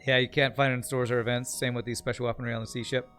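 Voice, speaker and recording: A man's voice: mid-range voice, level tone, very fast, fairly bright tone, soft background music. Chatty male game streamer, joking. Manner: joking, chatty, thanks viewers mid-play. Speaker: streamer playing a strategy game. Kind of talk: casual live-stream commentary.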